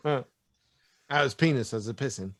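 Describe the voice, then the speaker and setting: A man's voice: medium pitch, measured pace. A man guesting on a casual wine podcast, playful and teasing, laughing often. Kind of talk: casual chat over wine.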